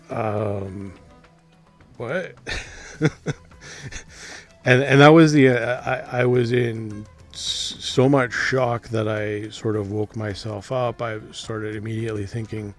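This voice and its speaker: A man talking casually about his dreams, hesitant and rambling, with soft laughs. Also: medium pitch, steady tone, slow pace, pauses often, faint music behind. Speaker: dream vlogger. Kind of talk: casual monologue to camera.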